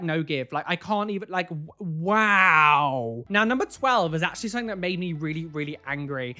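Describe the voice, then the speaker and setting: A man with a voice on the high side and a bit bright hosts a casual reaction video. He sounds incredulous, saying "like" and "what" over and over, and gives preachy warnings to his viewers.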